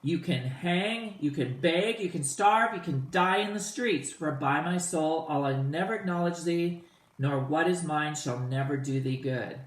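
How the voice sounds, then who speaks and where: A man's voice: on the high side, measured pace, close to an everyday voice. A man reading the lines of a furious, domineering noble father, raising his voice to threaten, in an echoey room. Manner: shouting, threatening.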